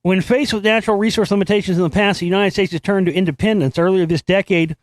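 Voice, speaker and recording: A man hosting his own commentary show, his voice sitting notably high for a man. He reads an article aloud and breaks off into profane, sarcastic jabs at it. The sound is dry and close, with no room echo at all. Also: steady tone, fast. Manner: sarcastic, swears freely, mocks what he reads. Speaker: host.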